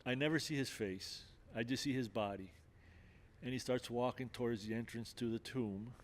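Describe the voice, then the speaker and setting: A man's voice: medium pitch, normal speed, slight background noise. An older man, a podcast guest, earnestly recounting a personal experience in conversation, with many restarts and filler phrases. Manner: earnest storytelling, many restarts and "you know".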